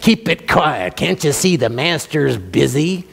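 A man voicing impatient male disciples who curtly hush others away. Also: on the high side, sing-song, unhurried, gravelly, breathy edge, voice pushed down, exaggerated voice. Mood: dismissive. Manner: curt, dismissive. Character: gruff impatient male disciples hushing people. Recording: long reverb in a church hall.

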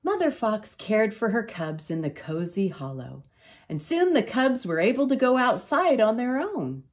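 An older woman reading a children's storybook aloud in an expressive, unhurried way. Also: fairly high pitch. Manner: expressive, slow read-aloud.

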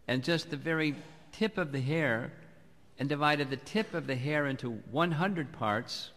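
A man giving a sermon as a spiritual teacher, speaking in a calm, measured, reflective way. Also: mid-range voice. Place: temple hall. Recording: long hall reverb.

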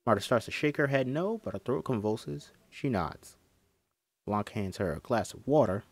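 A man reading a screenplay's stage directions aloud, lively and with joking asides. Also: fairly low pitch, normal speed, no echo, soft background music. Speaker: screenplay reader.

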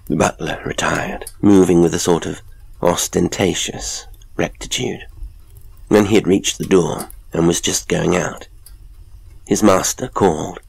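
A man narrating a classic horror story in a measured, atmospheric way. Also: low-pitched, steady tone, gravelly, a little mellow, faint music behind. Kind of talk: scripted horror audiobook narration.

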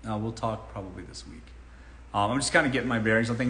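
A man's voice: fairly low pitch, fast talker, pushed and bright. A man from Los Angeles hosting a live Q&A on dating, giving advice bluntly and with plenty of profanity. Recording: roomy echo.

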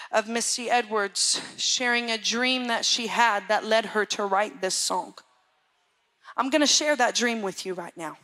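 A woman's voice: on the high side, sharp tone. A woman worship leader preaching a sermon in a fervent way and urging her listeners with asides as she retells a dream.

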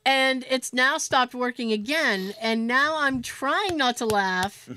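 A woman co-hosting a podcast, telling a story in an animated, profane way and laughing as she goes. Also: sits high, slow pace, dry recording. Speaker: podcast co-host. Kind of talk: casual storytelling chat.

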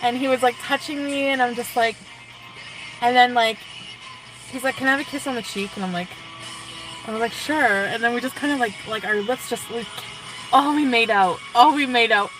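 Giddy and gushing, a young woman vlogger talks casually to her viewers in a fairly high voice, a little fast and with frequent pauses. She's full of likes and sighs, and the rough, distant-mic recording has music in the background.

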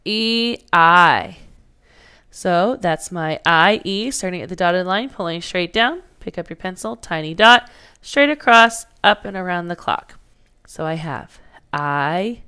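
A woman's voice: on the low side, expressive, takes it slowly, bright, forceful tone, smooth. A woman teaching a phonics lesson to young children, patiently sounding out letters and words.

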